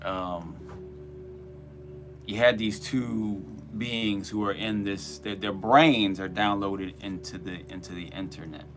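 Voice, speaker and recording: A man co-hosting a spirituality show in a loose, rambling way, with many restarts and fillers. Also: deep voice. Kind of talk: casual spiritual talk and Q and A.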